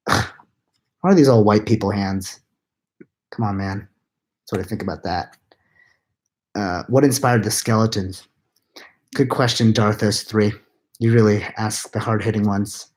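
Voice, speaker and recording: A tired man, likely in his thirties, answering live chat questions into a laptop at home at night, keeping his voice hushed and rambling with quiet self-mocking laughs. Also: fairly low pitch, fairly even intonation, measured pace, pauses often. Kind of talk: late-night live chat Q&A, half-whispered. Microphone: laptop mic.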